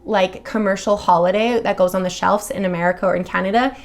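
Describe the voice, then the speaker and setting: A woman's voice: mid-range voice, steady tone, quick pace, soft background music. A woman hosting a video channel, reading horror stories aloud and then chatting casually with viewers, swearing freely and gushing.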